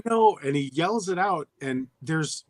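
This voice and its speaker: A man's voice: medium pitch, steady tone, normal speed, no echo. A middle-aged man in a casual chat, telling wry, self-deprecating stories about his son. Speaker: guest.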